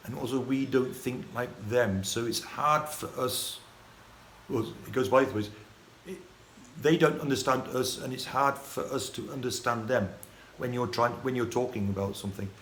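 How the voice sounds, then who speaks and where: A man's voice: mid-range voice, fairly bright tone. Rambling man in an echoey room. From United Kingdom. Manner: rambling, halting, many restarts and fillers, chuckling. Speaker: vlogger. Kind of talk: casual storytelling monologue. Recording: echoey room with faint ambient noise.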